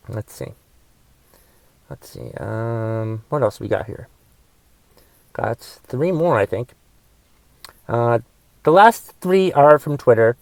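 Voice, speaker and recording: A young man hosting a comedy podcast, delivering a profane solo rant that swings between shouting and mumbled asides. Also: medium pitch, expressive, slow pace, vocal fry, long pauses, no room sound. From United States. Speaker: podcast host and stand-up comedian.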